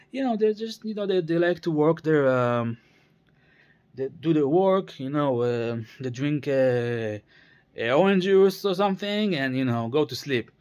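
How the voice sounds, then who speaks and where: A man in his thirties, tired, talking in a rambling casual vlog, wandering off topic with many fillers and restarts. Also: medium pitch. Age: 30s. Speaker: vlogger.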